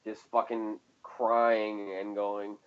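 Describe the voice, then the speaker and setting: A man's voice: on the low side, flat delivery, takes it slowly, dull audio. A man co-hosting a casual podcast chat, profane and ranting, laughing often. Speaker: podcast co-host.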